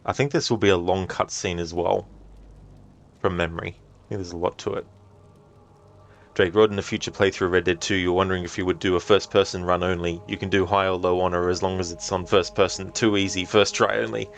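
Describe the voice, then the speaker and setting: Low-voiced chatty male game streamer. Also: fairly quick, creaky. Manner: chatty and relaxed, laughs often. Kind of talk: live-stream commentary reading chat.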